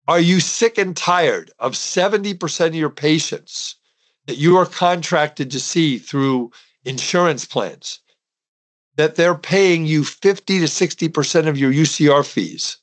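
A man's voice: a little high, measured pace. A middle-aged man hosting a podcast as a dental accountant, talking emphatically and directly to his listeners in a preachy monologue. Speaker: podcast host and dental CPA.

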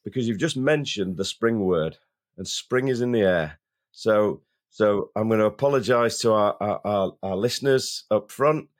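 Male co-host, lowish voice, has a cold, rambling casual chat with word repeats. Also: normal speed. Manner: chatty, repeats words while starting sentences. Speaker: podcast co-host.

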